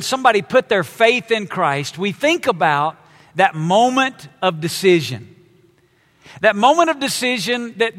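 A man's voice: high voice, a bit bright. A man preaching a sermon as pastor, stretching out key words with emphasis. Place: church auditorium. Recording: long hall reverb.

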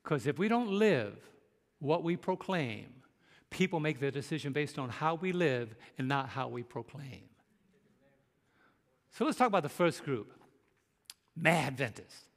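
A man's voice: fairly high pitch, lively intonation, slow, long pauses, a bit bright, big-room sound. A male pastor preaching a sermon, emphatic and asking the congregation rhetorical questions.

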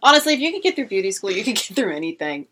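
A woman's voice: mid-range voice, sing-song, rapid-fire, a loud crowd. A young woman co-hosting a podcast in casual chat, giggly and full of "like". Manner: chatty, giggly, lots of "like". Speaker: podcast co-host.

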